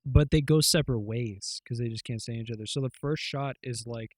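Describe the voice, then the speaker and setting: A man co-hosts a podcast in a casual chat, his medium-pitched, slightly mellow voice brisk and free of echo. He retells things loosely and ramblingly, with plenty of fillers and swearing.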